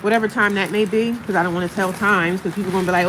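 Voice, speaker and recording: Speaking very fast at a medium pitch, a woman live-streams from a cold outdoor spot by some cars. Her talk is chatty and self-directed at times, livelier when she recounts events, over phone audio with obvious street noise.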